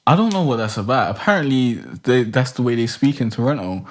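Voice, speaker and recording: A man's voice: mid-range voice, animated, a little fast. Rambling young man chatting. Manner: rambling, loose and hesitant, lots of "like" and "um". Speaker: podcast host. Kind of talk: casual chat.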